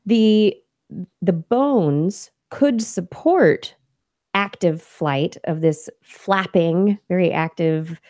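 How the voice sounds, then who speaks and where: A woman co-hosting a science podcast talks through new research in a mellow, warm tone. She explains study details casually, with laughs and fillers along the way. Her voice sounds dry and close, with no room echo. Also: on the low side, extremely slow. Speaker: podcast co-host. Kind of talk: casual science news chat.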